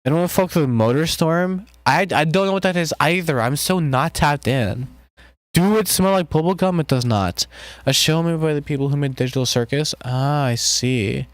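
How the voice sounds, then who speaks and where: A man's voice: on the high side, moderate pace, no room sound. A man making music on a live stream, chatting casually with viewers and joking as he works. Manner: relaxed, jokey, talks to chat while working.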